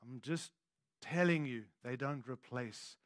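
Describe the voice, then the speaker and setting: A man preaching a sermon as pastor, swinging from hushed intimate lows to loud emphatic declarations, with conversational asides to the congregation. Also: slow pace, no room sound, studio quality.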